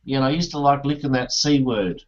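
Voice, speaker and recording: A man's voice: medium pitch, brisk. A man in casual group chat on an online hangout, crude and blunt, swearing often and joking. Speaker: hangout participant. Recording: dull lo-fi call audio with faint noise.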